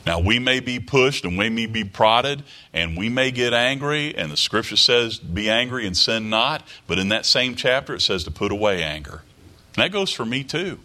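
A male pastor delivering an emphatic sermon, quoting scripture and driving his points home by repetition. His voice is bright and forceful, and his pitch rises and falls with lively animation. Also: moderate pace. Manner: emphatic, repeats phrases, quotes scripture.

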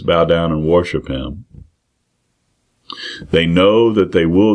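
Delivering an expository sermon in a low-pitched voice, this man reads scripture aloud and then explains it earnestly and plainly, often repeating and restarting phrases.

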